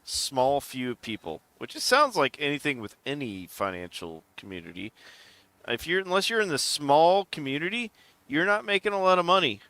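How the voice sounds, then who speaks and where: A man's voice: a little high, big pitch swings, normal speed, bright, forceful tone, dry recording. A man co-hosting a casual podcast, talking bluntly and swearing. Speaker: podcast co-host.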